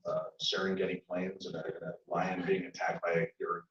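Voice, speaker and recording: A man on a paranormal TV show telling a story to a convention audience in a jokey, animated way. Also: low-pitched, a little fast. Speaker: paranormal TV show cast member, convention panelist. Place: large convention hall. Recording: echoey hall, distant mic, dull sound.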